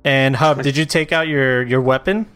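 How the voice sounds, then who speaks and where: Game master, male, mid-pitched and smooth, narrates loosely and casually. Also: fairly even intonation, moderate pace, a bit bright. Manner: casual, swearing, loose storytelling with fillers.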